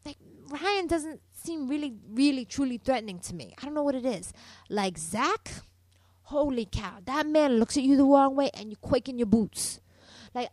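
A woman's voice: on the high side, dry recording. A young adult woman recapping a soap opera episode in a casual, opinionated, chatty way, often calling out to her listeners. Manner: opinionated, animated, addresses listeners as "people".

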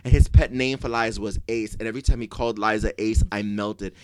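A man co-hosting a casual chat show, talking in an excitable, dramatic, gossipy way. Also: on the low side, fast, clean tone, dry recording. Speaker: podcast co-host.

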